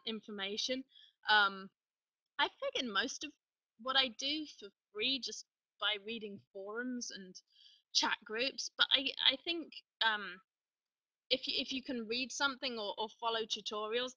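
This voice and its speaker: Woman host for a casual live stream: high, very bright voice, eager and rambling, dry sound set a little back from the mic. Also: no echo, recorded from a distance, poor audio. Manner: chatty, excitable, rambling with restarts.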